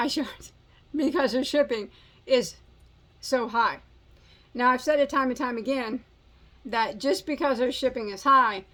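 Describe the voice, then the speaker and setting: Forties woman, crafting vlog host; rambling, jokey, self-deprecating; a touch high-pitched. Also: fairly bright tone. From United States. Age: 40s. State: slightly out of breath. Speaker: crochet channel host. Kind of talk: casual chat.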